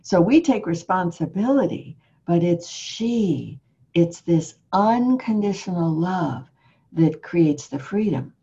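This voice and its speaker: An earnest woman interviewer shares a personal story and asks searching questions in a spiritual conversation. Her voice sits low and sounds mellow, heard on a slightly muffled, lo-fi recording. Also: animated, slow.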